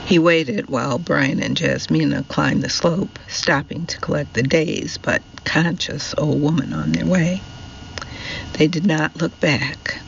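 A man reading an audiobook at a slow, measured pace, his voice with a gravelly grain. The recording is muffled and lo-fi, with faint hiss underneath. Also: a little high, steady tone. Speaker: audiobook narrator. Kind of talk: scripted narration.

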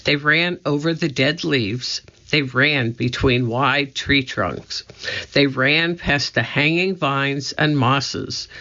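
A man reading a children's storybook aloud, narrating slowly and deliberately. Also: medium pitch, bright, forceful tone. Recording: dull lo-fi recording.

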